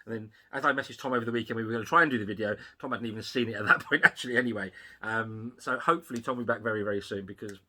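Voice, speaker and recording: A man co-hosting a casual review chat, talking quickly with asides and frequent laughter. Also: lowish voice, pushed and bright. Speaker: podcast co-host.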